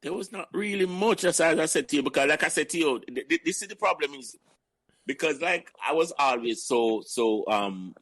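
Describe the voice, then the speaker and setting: A man's voice: on the high side, lively intonation, a bit bright, no echo. A Jamaican man in his sixties, a guest reminiscing casually and stopping often to restart his sentences. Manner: halting, many restarts and fillers.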